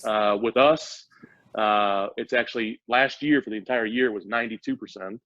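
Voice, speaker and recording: A man's voice: on the low side, steady tone, normal speed, a bit bright, no echo. A man speaking as a startup CEO guest in a casual interview, eager and explaining at length with frequent restarts. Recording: dull, dry lo-fi audio.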